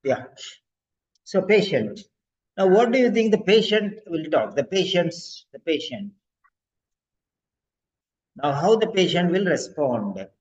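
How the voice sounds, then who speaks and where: Brief: upbeat male tutor grading student sentences, somewhat high voice, dull lo-fi audio. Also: sing-song, slow pace, long pauses, darkish tone, slightly rough. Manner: encouraging, corrects and grades student sentences. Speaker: language teacher. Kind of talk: online exam-prep class.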